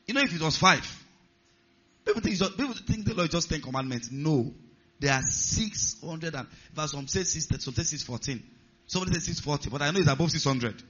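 A man's voice: fairly high pitch, fairly bright tone, breathy edge. Man preaching emphatically, slightly muffled recording. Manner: emphatic preaching, drawn-out key words, questions to the congregation. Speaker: pastor. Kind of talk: sermon.

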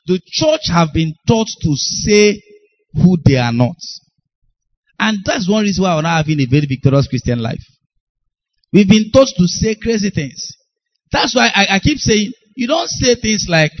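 A man's voice: sits high, lively intonation, normal speed, lo-fi sound. A man preaching a sermon, emphatic and repetitive, often calling out to his congregation. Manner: emphatic, repeats phrases, calls out to congregation.

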